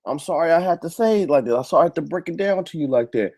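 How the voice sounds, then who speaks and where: A man's voice: a little high, animated, a little fast, darkish tone. Heated, profane man ranting on his show. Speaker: YouTube show host. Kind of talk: ranting monologue to camera.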